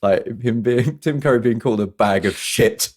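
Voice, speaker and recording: A man's voice: mid-range voice, moderate pace, a little mellow. A man co-hosting a podcast, chatting casually and enthusiastically about a movie and laughing often. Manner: enthusiastic, laughs often, quotes lines in a put-on voice. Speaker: podcast co-host. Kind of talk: casual film chat.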